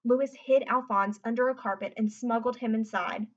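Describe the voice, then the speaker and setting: Woman, storybook read-aloud, gentle, explains asides, fairly high voice, muffled lo-fi recording. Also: fairly even intonation, normal speed. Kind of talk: picture-book read-aloud.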